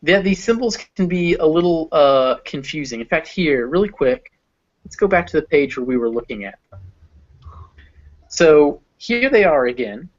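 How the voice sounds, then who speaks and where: A man tutors a student one-on-one in pronunciation, patiently explaining sounds and modeling words aloud with spoken examples. He has a fairly high voice with lively intonation at normal speed, on a dull lo-fi recording.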